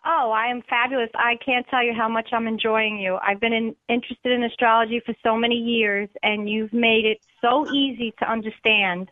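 A woman's voice: on the high side, fairly even intonation, normal speed, few pauses, no echo. Chatty New York woman on a phone line. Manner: chatty, upbeat, laughs often. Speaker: caller. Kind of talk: phone-in chat.

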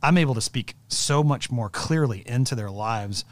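A man co-hosting a parenting podcast speaks in a measured, thoughtful tone at a middle pitch. He lays out his points calmly and steadily, with the occasional "you know" to bring the listener along. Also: no echo. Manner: measured, reflective, with encouraging interjections. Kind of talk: casual podcast conversation.

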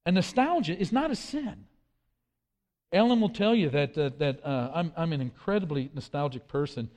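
With long hall reverb behind him, a pastor delivers a sermon in a fairly high, slightly mellow voice with lively intonation at a normal speed. He quotes scripture earnestly and repeats his words often.

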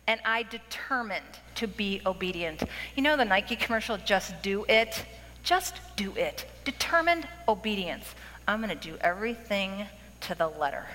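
Woman testifying to a room full of ladies, bright sharp voice, lots of laughing and big dramatic bursts, echoey hall with a bit of hiss. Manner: dramatic, acts out her past self with sudden high outbursts; laughs often with the audience. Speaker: speaker addressing a women's audience. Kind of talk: testimony talk. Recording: echoey hall with faint noise.

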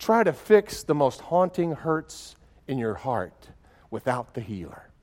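A man preaching a sermon in a folksy, conversational way, telling stories with animated swings from quiet and slow to loud and excited, often restarting his words. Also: mid-range voice. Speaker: pastor.

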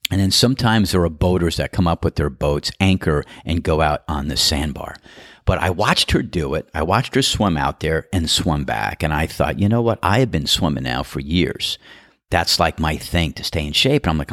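A man's voice: extremely low pitch, animated, moderate pace, fairly bright tone, no echo, clean studio sound. A man hosting a podcast, casually telling anecdotes and laughing often as he goes. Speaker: podcast host. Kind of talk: casual storytelling monologue.

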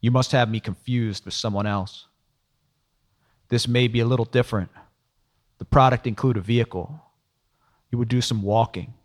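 A man's voice: medium pitch, fairly even intonation, moderate pace, pauses often, natural voice. A man voicing a curt, pressured male business contact in an audiobook, speaking bluntly in clipped lines. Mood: businesslike.

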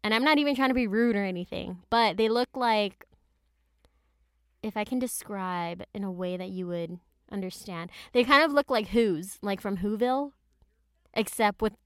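A young woman speaking into the mic from a small closet, her voice smooth and clear with a dry, close sound. She retells a story in casual podcast chat, slangy and full of side notes. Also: mid-range voice, normal speed, dry recording. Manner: chatty, slangy storyteller with frequent asides. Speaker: podcast host. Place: closet at home.

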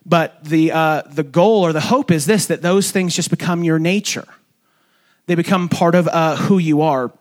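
A young man preaching a sermon as pastor in a casual, conversational way, with fillers and self-corrections, sometimes jumping high to act out quoted voices. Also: normal speed. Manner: acts out quoted voices in sudden high pitch. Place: church sanctuary.

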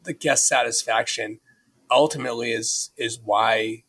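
A man from Massachusetts co-hosting a podcast, asking rambling, halting questions with many restarts in casual chat. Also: medium pitch, steady tone, a bit bright, slightly rough. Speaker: podcast co-host.

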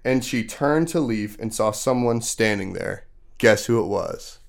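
His voice sits low and a little creaky, and he takes his time. He's a podcast host loosely recounting a Bible story for children, with plenty of fillers and frequent pauses to quiz his young listeners.

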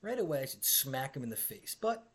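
A man hosting a podcast, telling a rowdy, profane story with brash energy and shouted quoted bits. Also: medium pitch, big pitch swings, brisk, slightly rough. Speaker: podcast host.

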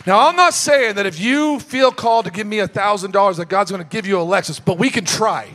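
Male preacher with a high voice, lively storytelling sermon, quiet asides rising to shouts. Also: a little fast, a faint crowd, slight background noise. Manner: storytelling, swings from hushed to shouting.

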